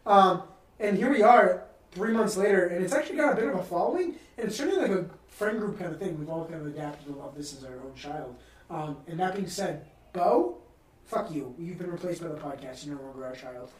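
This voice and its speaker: A man's voice: high voice, animated, a little fast, far from the mic. Rambling, profane man in a roomy room. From New England. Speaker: podcast host. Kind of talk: casual chat. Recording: roomy sound from off-mic.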